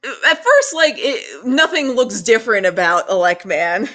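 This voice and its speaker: A woman co-hosting a casual chat, recapping a cartoon episode in an animated way, swearing and acting out characters' lines. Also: on the high side. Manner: animated, swears, acts out lines in quick voices. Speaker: podcast co-host.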